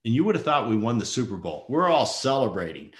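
A middle-aged father tells an emotional personal story with earnest feeling, acting out the voices of the people involved. His medium-pitched voice is very animated and quick, and the recording sounds roomy.

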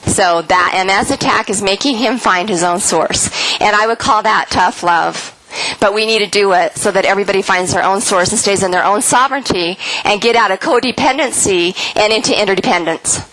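A woman's voice: mid-range voice, brisk, dry recording, poor audio. A middle-aged woman, an author, giving an earnest spiritual talk to an audience and telling stories animatedly. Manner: earnest, animated storytelling, acts out quoted voices. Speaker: speaker and author.

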